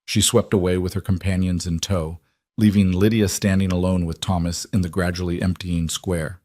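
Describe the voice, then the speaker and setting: A man reading a western romance story in an even, unhurried storytelling voice. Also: sits low, no echo, studio quality. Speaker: narrator. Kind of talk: scripted audiobook narration.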